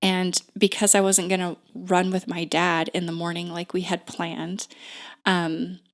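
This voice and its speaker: A woman in her thirties telling a personal story as a podcast guest, unhurried and full of "like" fillers and restarts. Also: fairly low pitch, level tone.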